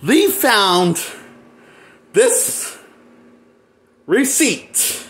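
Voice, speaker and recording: A man in a casual movie review, talking slowly and deliberately through his disbelief. His voice sits high and leaps around in pitch as he repeats himself and breaks into nervous laughter. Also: wildly swooping pitch, a bit bright. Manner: repeats himself, halting restarts. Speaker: movie critic.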